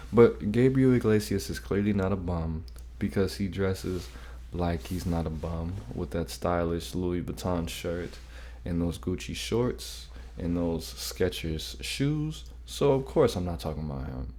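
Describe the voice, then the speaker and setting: Low-voiced man giving casual reaction commentary. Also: mellow. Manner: loose, profane, joking asides. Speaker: reaction video host.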